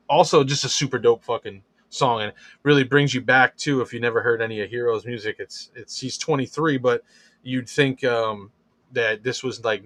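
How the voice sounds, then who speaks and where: Man, podcast host, casual profane chat, dry close sound, mid pitch. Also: a bit bright, no room sound. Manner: loose, profane, filler-heavy talk.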